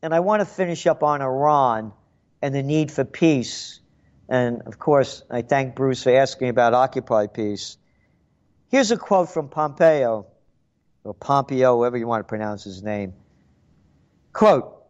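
A man's voice: mid-range voice, expressive, a little slow, darkish tone, dull audio. An older man hosting a call-in radio show, rambling and sarcastic, often repeating words. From the Bronx, New York. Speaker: radio talk show host.

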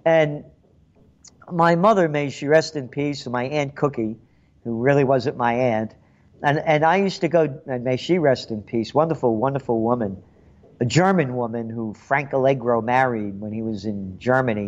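A man's voice: medium pitch, moderate pace, dull audio. An older man hosting a call-in radio show, rambling and sarcastic, often repeating words. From the Bronx, New York. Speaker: radio talk show host.

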